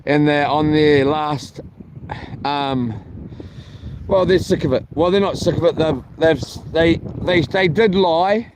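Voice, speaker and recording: A man's voice: on the high side, takes it slowly, noisy background. A man telling a meandering story for his camping vlog, full of ums and restarts. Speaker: vlogger. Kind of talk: rambling casual storytelling. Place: camping, near a boat on water.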